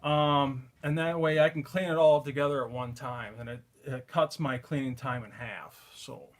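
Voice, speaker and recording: A man's voice: medium pitch, fairly even intonation, moderate pace, slight background noise. A man hosting a casual live stream from his reloading bench, chatting with viewers while he works with his hands.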